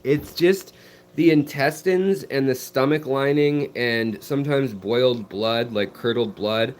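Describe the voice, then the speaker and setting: Reading viewer messages beside his aquarium, the American host of a fishkeeping stream chats casually, filling gaps with ums and false starts. His medium-pitched voice stays unhurried.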